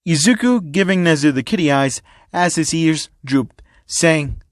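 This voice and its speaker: A man reading a fan story aloud in a casual, unpolished way, dropping in the odd filler. His voice sits slightly high for a man. The recording is close and completely dry. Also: animated, moderate pace, hardly any pauses, no echo. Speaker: fan fiction narrator.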